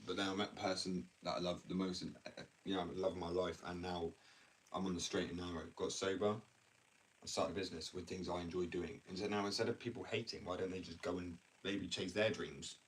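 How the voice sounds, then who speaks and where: A man's voice: low voice, little pitch movement, fairly quick. A young man from England ranting bluntly and ramblingly in a casual livestream, full of slang. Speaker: live streamer. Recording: distant mic with faint background noise.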